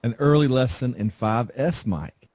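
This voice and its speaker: A man's voice: mid-range voice, lively intonation, unhurried, background noise. A man hosting a veteran-focused podcast, introducing guests in an upbeat, enthusiastic way with frequent repeated words. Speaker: podcast host.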